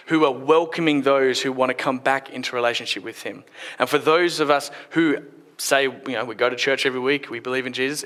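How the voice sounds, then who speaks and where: A man giving a short church sermon, retelling a story and dropping his voice softly at key points. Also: mid-range voice. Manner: retells the story with acted quotes, drops softer at key points. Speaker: preacher.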